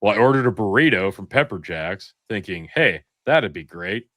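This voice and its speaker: A man's voice: on the low side, normal speed, no echo, studio quality. A man with a Midwestern accent, co-hosting a podcast in casual chat, telling stories with lots of energy and some swearing. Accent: Midwestern American. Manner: animated storyteller, swears freely. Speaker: podcast co-host.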